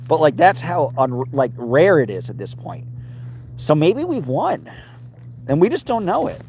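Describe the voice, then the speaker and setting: A man's voice: a little high, big pitch swings, unhurried, a little mellow, low-quality recording. A man hosting a casual livestream outdoors by a river, rambling loosely and breaking into sing-song chatter to his dog. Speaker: livestream host. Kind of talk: casual rambling live chat.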